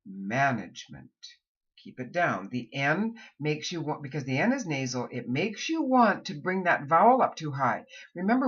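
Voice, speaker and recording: A woman teaches a pronunciation lesson, saying each drill word slowly and deliberately for listeners to repeat. Her voice is low and breathy, and her pitch rises and falls widely. The recording sounds slightly muffled and lo-fi. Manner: slow, deliberate, modeling words in rhythm. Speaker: accent and pronunciation coach.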